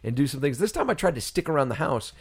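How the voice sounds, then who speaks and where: A man's voice: fairly high pitch, very animated, quick pace, breathy edge. A man in his thirties telling a story in casual chat as a podcast co-host. He swears freely and squeals when mimicking others.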